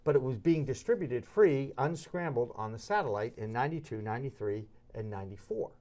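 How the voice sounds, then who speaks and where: A middle-aged man hosting a sports talk show, telling stories in a casual, animated way and slipping into high voices when he quotes people. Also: brisk. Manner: animated, jumps into high-pitched voices when quoting others.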